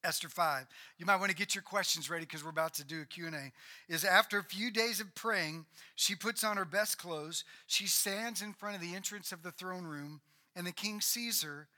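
A man preaching, his voice high for a man and very bright and ringing. He tells the story with energy, acting out the characters as he goes. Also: moderate pace. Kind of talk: sermon.

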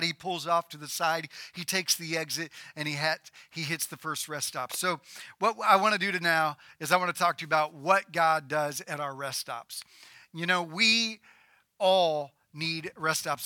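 A man preaching a sermon, retelling scripture dramatically and acting out the quoted voices, at times rising to near shouts. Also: a little high, dry recording, studio quality. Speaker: pastor.

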